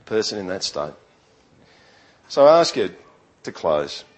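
A man's voice: low-pitched, sing-song, a little slow, low-quality recording. A middle-aged man preaching a sermon in a conversational, earnest way, often restarting his sentences. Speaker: pastor.

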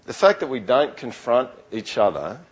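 A man's voice: mid-range voice, sing-song, normal speed, slightly rough, muffled recording. A middle-aged man preaching a sermon in a conversational, earnest way, often restarting his sentences. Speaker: pastor.

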